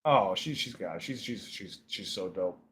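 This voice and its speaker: A man's voice: low voice, unhurried, slightly rough. Candid, foul-mouthed man chatting. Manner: candid, swears freely, animated storytelling. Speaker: content creator and co-host. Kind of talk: casual chat.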